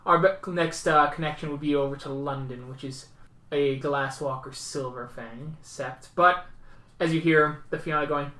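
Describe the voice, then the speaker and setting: A man's voice: a little high, fairly even intonation, moderate pace, pushed and bright. A man working as storyteller, narrating a tabletop game in a casual way with plenty of fillers. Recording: echoey room, faint background noise.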